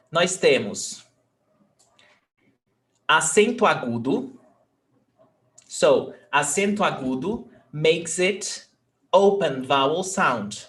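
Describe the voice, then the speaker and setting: A man leads an online language lesson, his voice sitting a little higher than most men's. He takes his time, spelling out sounds one by one and pausing to ask if the learner is following. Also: a bit bright, low-quality recording. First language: Portuguese. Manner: patient, repeats sounds slowly and checks in with "okay?". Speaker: Portuguese teacher.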